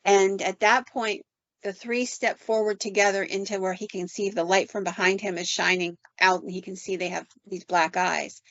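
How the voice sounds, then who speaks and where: A woman podcast host telling a story in an animated, conversational way, often quoting people with "like". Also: medium pitch, moderate pace, no echo. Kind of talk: casual storytelling. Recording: dull, dry sound.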